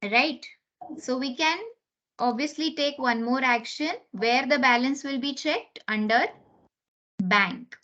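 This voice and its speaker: A woman's voice: high voice, takes it slowly, bright, forceful tone. Woman teaching an online class. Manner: explains step by step, often checking with "okay?". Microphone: computer mic on a video call. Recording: lo-fi online meeting recording.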